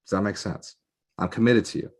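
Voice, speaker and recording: A man hosting a live event, giving an energetic, emphatic motivational pitch that repeats lines for effect. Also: a little fast. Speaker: real estate mentor and event host.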